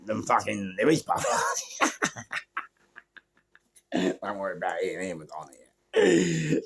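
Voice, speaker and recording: A guest storyteller with a London accent spins casual yarns, full of street slang, swearing and regular "yeah?" check-ins. His voice is low and creaky, slightly rough, with a touch of brightness.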